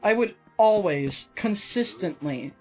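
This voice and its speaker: Slow, lively in intonation and medium in pitch, this woman from Texas talks over faint music as she builds in her let's play. Her gaming commentary is casual and meandering, full of self-deprecating jokes and a bit of cursing.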